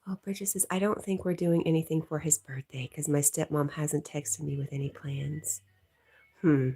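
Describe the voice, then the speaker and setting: Low, husky woman chatting on a livestream. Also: steady tone, moderate pace, dark tone. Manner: chatty, reads viewer comments aloud, laughs often. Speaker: livestream host reading chat. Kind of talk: casual live chat.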